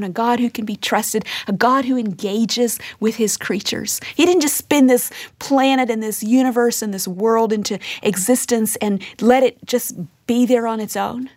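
A woman teaching a sermon, earnest, often dropping to a hushed whisper to stress a point. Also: on the high side, dry recording. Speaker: Bible teacher.

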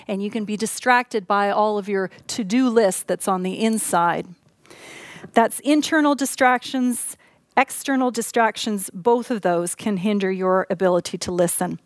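A woman giving a measured, instructive teaching talk as a Bible teacher, walking through her points one by one. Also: medium pitch, no echo.

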